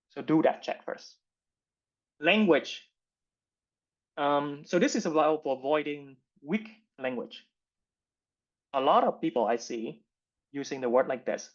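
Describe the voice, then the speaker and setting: A man's voice: mid-range voice, lively intonation, unhurried, pauses often. A man coaching interview skills in a live online masterclass who explains in short phrases and often asks "right?". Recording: muffled lo-fi recording.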